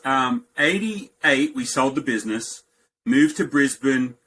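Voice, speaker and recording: Bright-voiced Australian man telling stories. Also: takes it slowly, a little hiss or hum, low-quality recording. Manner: animated anecdotes, jumps high for quoted lines. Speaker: guest. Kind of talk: storytelling in a podcast interview.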